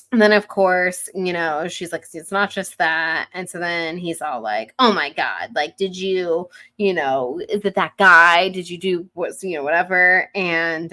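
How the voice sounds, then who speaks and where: A woman's voice: fairly low pitch, bright, forceful tone, dry recording. A woman co-hosting a podcast about a book, retelling the chapter casually and acting out the characters' lines. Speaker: podcast co-host. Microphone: headphones and studio mic.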